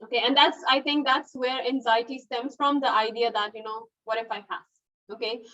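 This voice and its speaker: Chatty woman running a webinar, high voice, sounds far off and kinda muffled on a video call. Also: fairly even intonation, moderate pace, fairly bright tone. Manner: chatty, laughs often, many fillers like "okay" and "you know". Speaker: webinar host. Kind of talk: casual webinar moderation. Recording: dull, distant webinar audio.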